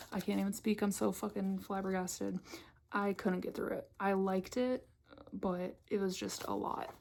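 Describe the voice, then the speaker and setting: A woman's voice: medium pitch, flat delivery, normal speed, vocal fry, noisy background. A young woman giving a casual, candid tour of her bookshelves, swearing freely as she talks. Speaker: book vlogger. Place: home room by her bookshelves. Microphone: camera on tripod.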